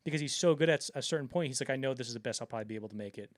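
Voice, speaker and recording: In a mid-range voice and at a rapid-fire clip, a man co-hosting a film podcast rambles casually with plenty of fillers. When he retells quotes, he acts them out. The audio is clean studio sound without echo.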